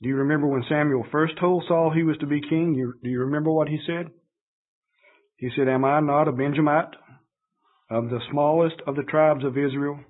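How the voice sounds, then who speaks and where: A man's voice: fairly high pitch, fairly even intonation, brisk. A man preaching a sermon, reading scripture verses aloud and explaining them in an earnest, conversational way with occasional fillers. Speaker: pastor. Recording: tinny phone-like radio broadcast.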